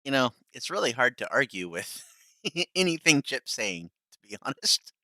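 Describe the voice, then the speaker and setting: A man's voice: medium pitch, big pitch swings, normal speed, bright, forceful tone, dry recording, studio quality. A man hosting a live stream in casual, rambling chat, full of fillers and chuckles. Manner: rambling, laughing, many fillers. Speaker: streamer host.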